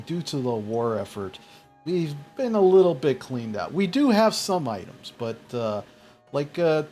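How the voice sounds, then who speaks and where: A man's voice: mid-range voice, darkish tone. A man playing a polite, apologetic male magic shopkeeper who rambles with many fillers.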